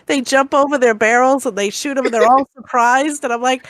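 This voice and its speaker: A woman co-hosting a podcast, chatting casually about a movie in an animated way and laughing often. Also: sits high, brisk, dry recording. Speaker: podcast co-host. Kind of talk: casual movie review chat.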